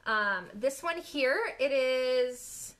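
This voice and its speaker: A woman who owns an art studio, excitedly demonstrating a craft technique on a live stream, gasping and delighting at the results. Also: sits high, drawn-out words. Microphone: phone or camera on live stream.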